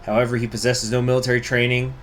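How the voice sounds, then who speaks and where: A man plays through a strategy game, reading its event text aloud in a mid-pitched voice. He breaks off into casual, joking asides between passages. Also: little pitch movement, fast talker, fairly bright tone, slight background noise. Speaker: let's play host.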